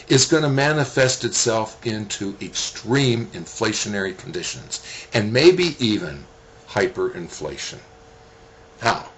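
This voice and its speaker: Lively middle-aged man telling stories. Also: mid-range voice. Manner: folksy storyteller, chuckles at himself. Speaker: author. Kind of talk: video message to viewers.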